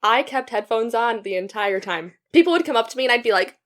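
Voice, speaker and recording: A young woman tells her stories in casual podcast chat, animated and quick to laugh. Her voice sits a little high. She sounds relaxed, a guest among friends. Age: young adult. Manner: giggly, animated storytelling.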